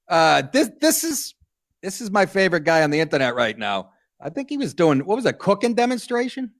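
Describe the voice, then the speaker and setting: A middle-aged man hosts a comedy show, his voice sitting a bit high for a man. He reads headlines and tears into them with crude, sardonic asides, recorded close and dry with no room echo. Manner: sardonic, crude, reads news aloud then mocks it. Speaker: comedy talk show host. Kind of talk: profane comic riffing on news stories.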